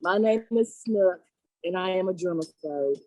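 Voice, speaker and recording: A woman's voice: lowish voice, unhurried, warm tone, no echo, rough recording. A woman presenting a podcast segment in a chatty, giggly way. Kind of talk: casual chat.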